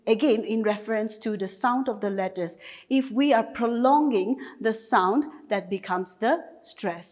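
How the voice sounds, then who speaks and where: A woman's voice: fairly high pitch, darkish tone. A woman teacher from Nagaland with a Naga English accent, giving a recorded class lesson patiently and step by step with repeated examples. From Nagaland, India.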